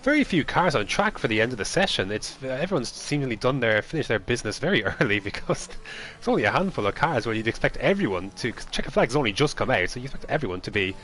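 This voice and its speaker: A man giving lively play-by-play commentary on an esports race, chuckling now and then. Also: medium pitch, fast. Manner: lively play-by-play with light laughs.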